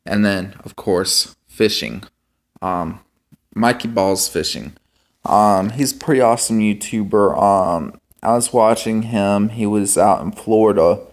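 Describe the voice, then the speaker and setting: A young man vlogging in a casual, rambling monologue, halting with many ums and restarts. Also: fairly low pitch. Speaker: homestead vlogger.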